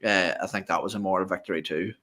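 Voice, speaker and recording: Man, deep voice, co-host, measured, long winding sentences. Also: fairly even intonation, bright, forceful tone. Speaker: podcast co-host. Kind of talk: casual fan show talk.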